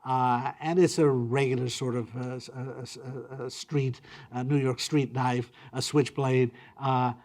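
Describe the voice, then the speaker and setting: A man giving a university lecture, talking in a halting way with many fillers and restarts. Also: mid-range voice, steady tone, darkish tone.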